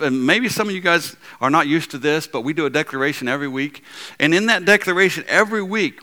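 A pastor preaches an animated sermon, often repeating himself and restarting lines, and his delivery swings between loud, emphatic statements and low, soft ones.

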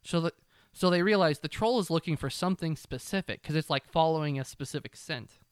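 Brief: young male co-host, lively storyteller, swears a lot, clear voice on the higher side. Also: a little fast, dry recording, studio quality. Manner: animated storytelling, swears freely, acts out characters. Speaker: podcast co-host. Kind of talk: casual recap chat.

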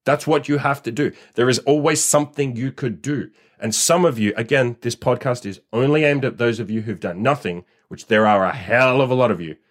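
A man's voice: mid-range voice, fairly bright tone. A man hosting a podcast as a dating coach. He delivers a blunt, profane, fired-up motivational rant that scolds his listeners. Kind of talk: ranting motivational podcast monologue.

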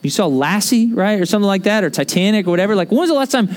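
A man pastor delivering a sermon in a conversational, joking and animated manner. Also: sits high, rapid-fire, hardly any pauses.

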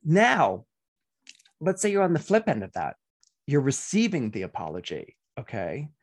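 A man's voice: medium pitch, huge pitch swings, moderate pace. A middle-aged man giving a weekly horoscope talk as an astrologer, chatty and full of fillers and restarts.

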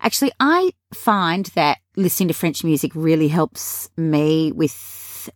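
A woman's voice: deep voice, sing-song, measured pace, dry recording, clean studio sound. A woman with an Australian accent hosting a podcast, chatting and asking encouraging questions of her guest. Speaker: podcast host. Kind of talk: casual interview chat.

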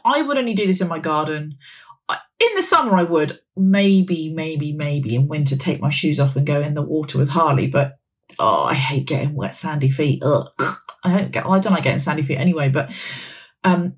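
A woman around forty, hosting a wellness podcast in a chatty, rambling way with frequent laughs. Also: fairly low pitch. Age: 40s. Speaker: podcast host. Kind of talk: casual wellness podcast chat.

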